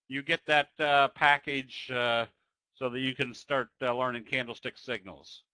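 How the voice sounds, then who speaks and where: A man with a bright, forceful voice gives a webinar chart walkthrough. He talks in a folksy, conversational way and often pauses on fillers. The sound is dry and close. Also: mid-range voice, steady tone, no room sound, poor audio. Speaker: trading educator.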